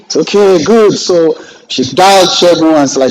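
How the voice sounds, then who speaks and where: A middle-aged Nigerian man teaching a real estate class, lively and joking, acting out exchanges with clients as he goes. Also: fairly high pitch, normal speed, a little hiss or hum, low-quality recording. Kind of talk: classroom lecture with anecdotes.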